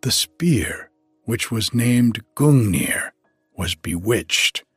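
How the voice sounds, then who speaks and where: A slow, husky man reads a storybook aloud in a low voice. Faint music plays behind him. He takes his time and speaks to the listener directly. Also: expressive, no echo, studio quality. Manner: gentle, unhurried, addresses the listener. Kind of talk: storybook narration.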